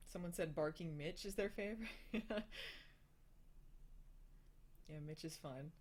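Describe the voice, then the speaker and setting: A young woman with a slightly low voice chats loosely on a live stream, laughing often. She stumbles through fillers and restarts as she reads out and answers viewer questions. Her talk is relaxed and offhand. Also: slow, long pauses, a little hiss or hum. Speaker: host of a live hangout.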